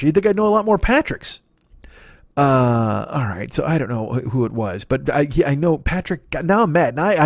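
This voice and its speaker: A man's voice: mid-range voice, dry recording, clean studio sound. A man in his fifties doing a rambling, profane comedic monologue as a podcast host. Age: 50s. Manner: profane, ranting, animated.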